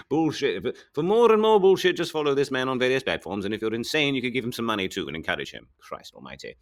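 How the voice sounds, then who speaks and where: A man's voice: lowish voice, very animated, fairly quick. A man who is a local political candidate, giving a rambling solo monologue. He argues with himself in two voices, jokes, and laughs often.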